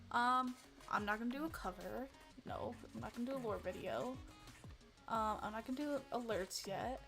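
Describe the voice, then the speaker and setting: Bubbly, giggly young woman streamer. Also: fairly high pitch. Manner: excitable and giggly, with many fillers and restarts. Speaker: VTuber streamer. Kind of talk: casual livestream chat.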